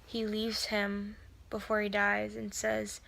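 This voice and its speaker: A woman talks through a book recap in a loose, casual way. She fills her sentences with "like" and "um" and restarts them often. Her pitch sits in the middle range, and she now and then drops into a whisper for a side remark. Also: completely flat delivery, slow, gravelly, fairly bright tone. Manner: rambling, full of fillers and self-corrections. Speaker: video creator summarizing a novel.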